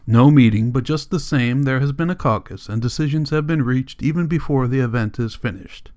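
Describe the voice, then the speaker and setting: A man's voice: mid-range voice, fairly quick, darkish tone, natural voice. A man voicing a cold, stern male party member in an audiobook reading, with a clipped, disapproving delivery.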